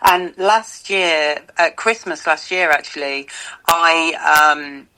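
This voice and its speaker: Woman, podcast guest, low voice, bright tone, enthusiastic rambling chat. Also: slow, rough recording. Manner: open, enthusiastic, loose storytelling.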